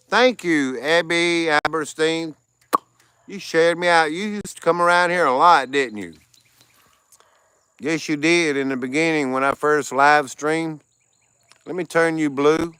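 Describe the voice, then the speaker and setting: A man's voice: a little high, bright, forceful tone, smooth, no room sound. A tired American man hosting a casual livestream, greeting chat viewers by name and laughing often. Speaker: livestream host.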